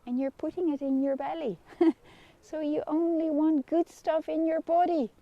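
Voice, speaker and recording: A middle-aged woman with a Dutch accent, a kinesiologist giving a gentle, soothing live lesson and laughing softly now and then. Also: high-pitched, fairly even intonation, moderate pace, no room sound, highs cut off. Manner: gentle, soothing guidance with frequent soft laughs. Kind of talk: live-streamed wellness lesson.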